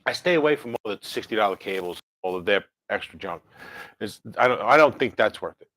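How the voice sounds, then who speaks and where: A man's voice: on the low side, expressive, fairly quick, a bit bright. Chatty man in his fifties. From New Jersey. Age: 50s. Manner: rambling and chatty, with many fillers and self-corrections. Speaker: livestream host. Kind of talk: casual livestream chat answering viewer comments.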